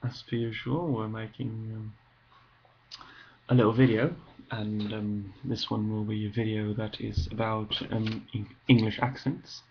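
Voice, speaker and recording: A man introducing his own comedy video, speaking hesitantly and pausing often. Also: fairly low pitch, little pitch movement, lo-fi sound, slight background noise. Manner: hesitant, full of ums. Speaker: video host.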